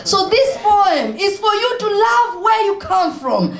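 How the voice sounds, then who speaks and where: A woman telling comic stories on stage, acting out the people in them and laughing and shouting as she goes. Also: very high-pitched, big pitch swings, a little slow, hardly any pauses. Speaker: stand-up comedian and spoken-word poet. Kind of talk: stand-up storytelling with poetry. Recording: echoey room.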